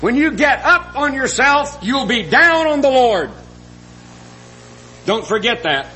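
A man's voice: extremely high pitch, sing-song, slow pace, bright, forceful tone, rough recording. A middle-aged man preaching a sermon, earnest and folksy, often asking the congregation questions.

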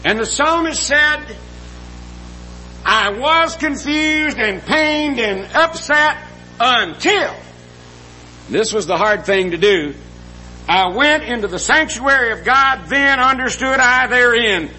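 A man's voice: very high voice, lively intonation, slow, sharp tone, a little hiss or hum, poor audio. A middle-aged man preaching a sermon, earnest and folksy, often asking the congregation questions.

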